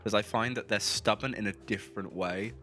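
A man co-hosting a podcast, chatting casually with quick reactions and asides. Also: on the low side, fairly even intonation, sharp tone, faint music behind. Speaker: podcast co-host. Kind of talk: casual chat.

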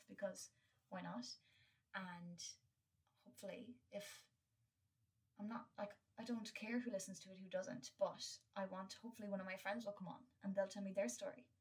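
A young woman talks alone on her own podcast, candid and earnest, swearing freely and stopping for many fillers. Her voice sits at a medium pitch and sounds a little distant from the microphone. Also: steady tone, fairly quick. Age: young adult. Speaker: podcast host. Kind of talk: casual solo podcast monologue.

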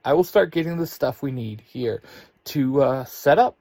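A man's voice: mid-range voice, animated, normal speed, dark tone, no room sound. A man voicing a proud, nonchalant teenage genius in a storybook reading. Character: nonchalant teen boy genius.

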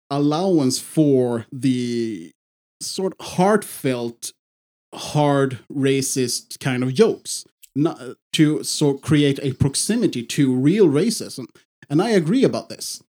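A man's voice: mid-range voice, darkish tone. A man co-hosting a casual podcast, rambling and swearing freely, with frequent restarts. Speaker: podcast co-host.

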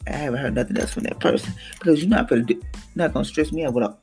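Gravelly woman giving an emphatic devotional talk. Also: low-pitched, racing, faint music behind. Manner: emphatic, animated, acts out what she said to others. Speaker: devotional podcast host.

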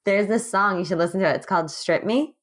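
A woman's voice: medium pitch, fast talker, slightly rough. A woman guest on a podcast call, chatting candidly and emphatically about her business, with lots of "like". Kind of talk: casual podcast chat. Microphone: remote call.

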